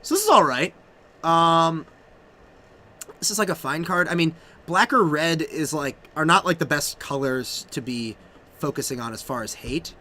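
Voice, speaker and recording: A man co-hosting a casual card game stream, rambling and excitable with lots of fillers. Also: a little high, normal speed, a little hiss or hum. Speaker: stream co-host. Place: game store.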